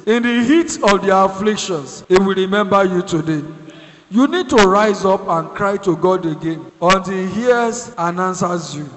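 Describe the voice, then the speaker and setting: A man preaching a fervent sermon, building to loud exhortation. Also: sits high. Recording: echoey hall, loud background noise.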